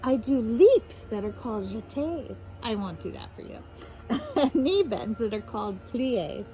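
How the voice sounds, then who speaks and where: A woman, a teacher, reading a picture book aloud to children in an animated way, stopping to explain the fancy words. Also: on the high side, measured pace, faint music behind, poor audio.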